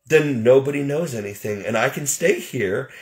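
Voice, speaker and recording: A man's voice: medium pitch, animated, moderate pace, a little mellow, close to an everyday voice. A man quoting a smug scheming old woman. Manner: smug, calculating.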